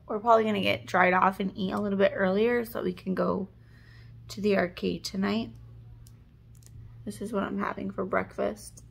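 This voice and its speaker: A woman's voice: mid-range voice, creaky, slightly rough. A woman chatting casually to the camera in a hotel room, a rambling storyteller who fills her talk with "like". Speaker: family vlogger, mother of twins. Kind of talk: casual vlog chat.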